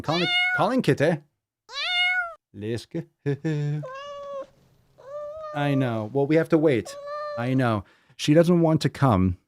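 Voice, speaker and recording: A man hosting a casual livestream podcast from his home podcast room, loud, joking and profane, cooing at his cat between bits. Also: fairly low pitch, dry recording, clean studio sound. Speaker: podcast host.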